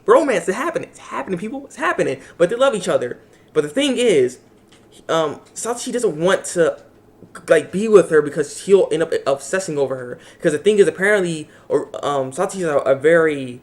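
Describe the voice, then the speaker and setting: A man rambling through a casual anime episode recap, acting out the characters' lines as he goes. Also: a little high. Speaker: anime reviewer.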